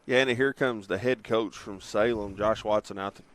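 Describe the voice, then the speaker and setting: A man doing color commentary for a high school football game, plain-spoken and analytical, leaning on "you know". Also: steady tone, moderate pace.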